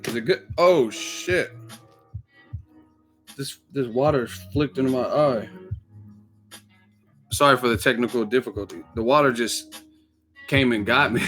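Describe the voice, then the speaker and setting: A man hosting a boxing live stream, hyped and slangy, rattling off quick shout-outs in casual chat. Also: medium pitch. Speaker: boxing channel host.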